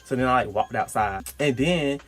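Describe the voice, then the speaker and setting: A young man casually telling a personal story, animated and slangy, breaking into high-pitched quoted outbursts. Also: moderate pace, faint music behind. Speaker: storytime vlogger.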